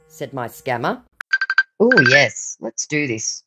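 A woman's voice: sits low, big pitch swings, a little slow, slightly rough. A woman, sarcastically reading out her chats with scammers and confronting one angrily by phone. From Australia. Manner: sarcastic, switches to sharp and angry on the phone. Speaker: scam-baiting video host.

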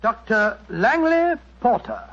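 An actor with a British accent playing a bluff, kindly older doctor in a 1940s radio show, blustering and amiable. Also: male voice, very high voice, huge pitch swings, slow pace, a bit bright, full character voice. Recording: dull old radio broadcast.

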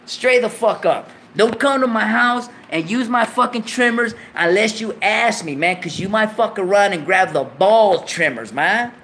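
A man's voice: sits high, lively intonation, a little slow, few pauses, bright, forceful tone, a little hiss or hum. A man hosting a show, giving a profane comic monologue in laid-back street slang, lecturing his viewers. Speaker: show host.

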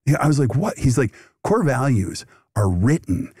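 A middle-aged man, a podcast guest from the dental industry, talking in an animated, conversational way and often acting out quotes. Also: mid-range voice, normal speed, breathy edge, no echo, clean studio sound. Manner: animated, jumps into lively acted-out quotes. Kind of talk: conversational interview answer.

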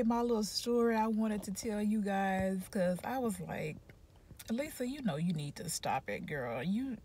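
Chatty woman vlogging from her car. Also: mid-range voice. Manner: chatty, rambling storyteller who keeps saying y'all. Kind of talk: casual car chat. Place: parked car.

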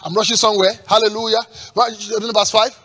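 A pastor preaching a sermon with emphatic call-and-response questions, repeating words and breaking into shouts at the peaks. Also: male voice, high voice, level tone, quick pace.

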